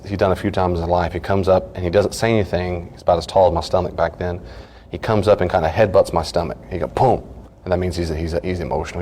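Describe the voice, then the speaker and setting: A man's voice: deep voice, darkish tone, a little hiss or hum. A middle-aged male pastor giving a conversational teaching talk, telling earnest stories about his family and briefly acting out the lines of others. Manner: earnest storytelling, acts out short quoted lines.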